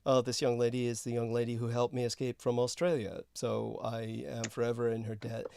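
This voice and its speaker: Gravelly man rambling with many fillers. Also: mid-range voice, level tone, a little mellow, dry recording, clean studio sound. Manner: halting, filler-heavy, slips into a put-on crooning sweet-talk voice. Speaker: show host. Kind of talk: rambling casual call-in chat.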